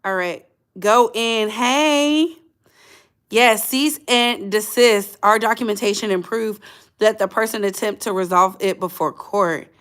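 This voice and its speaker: A woman's voice: mid-range voice, unhurried, a bit bright, clear, resonant tone. A woman hosting a livestreamed gossip channel in blunt, chatty casual commentary, talking straight to her chat.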